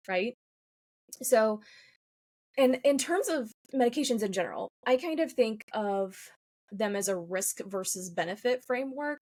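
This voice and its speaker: Measured woman pharmacist explaining. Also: medium pitch. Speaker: clinical pharmacist guest. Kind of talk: podcast conversation.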